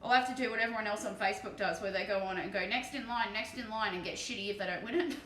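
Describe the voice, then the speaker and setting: With a mid-range, slightly bright voice, she races along, swearing and chatting casually as she paints miniatures on a live stream. She's an Australian-accented woman from Perth, Western Australia, in a room at home. Her voice is off mic and distant in an echoey room, with slight background noise.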